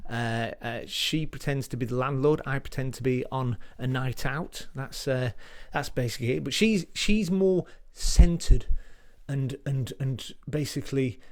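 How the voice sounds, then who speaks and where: A man's voice: medium pitch, measured pace. A man, likely in his forties, performing a stand-up comedy set in a rambling, self-deprecating way, with many restarts.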